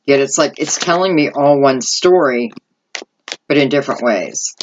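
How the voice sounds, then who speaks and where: A woman's voice: extremely low pitch, lively intonation, moderate pace, lo-fi sound, a little hiss or hum. A middle-aged woman giving an intuitive tarot reading, rambling and thinking aloud as she goes. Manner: rambling, thinking aloud, lots of "I feel like" asides. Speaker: tarot reader.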